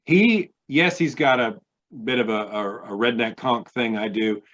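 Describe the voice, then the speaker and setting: A male co-host who is an audiobook narrator, chatting in a lively, jokey way. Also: mid-range voice, measured pace, highs cut off. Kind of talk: casual chat.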